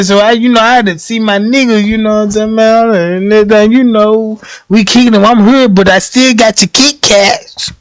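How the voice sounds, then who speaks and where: Guy with a high voice on a stream, slow easy talk, keeps cracking up, dry close sound. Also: fairly even intonation, gravelly, fairly bright tone, clean tone, no echo. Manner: laughs often, acts out quoted dialogue in slangy talk. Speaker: livestream host. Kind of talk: casual livestream storytelling.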